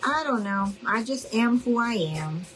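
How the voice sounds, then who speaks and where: A woman's voice: fairly high pitch, animated, a little slow, a bit bright, slight background noise, low-quality recording. A middle-aged woman hosting a casual live crafting demo, chatty and friendly, calling her viewers y'all. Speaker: craft tutorial host.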